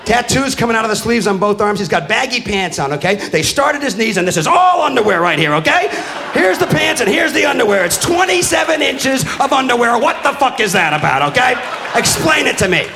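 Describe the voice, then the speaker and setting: A middle-aged man doing a profane stand-up comedy routine on stage, ranting loudly and acting out the people in his stories. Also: high-pitched, big pitch swings, a little fast, soft background music. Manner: loud, ranting, profane, acts out characters. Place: comedy stage before a live audience. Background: crowd laughing.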